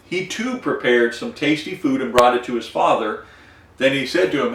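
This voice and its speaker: A man teaching a Bible study, retelling scripture in a folksy, animated way, acting out the dialogue with many fillers. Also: mid-range voice, moderate pace, roomy sound, distant mic.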